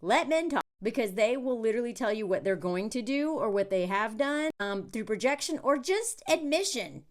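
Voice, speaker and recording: A woman giving blunt, animated reaction commentary in a casual vlog, swearing freely as she talks. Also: a little high, moderate pace, few pauses.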